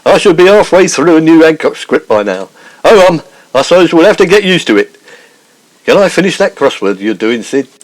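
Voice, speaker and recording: A grandly gloomy male comedian played by a man in a sketch, full of melodramatic self-pity. His pitch sits high and swings wildly between lofty and deflated. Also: very animated, brisk, rough recording. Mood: weary. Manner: mock-grand, melodramatic complaints.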